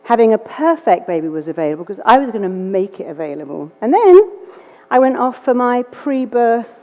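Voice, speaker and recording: A woman's voice: fairly high pitch, normal speed. A woman with an English accent, a therapist telling a story as a speaker and acting out the dialogue in changed voices. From England. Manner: lively, acts out quoted dialogue in changed voices. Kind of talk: storytelling talk. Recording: dull recording in a reverberant hall.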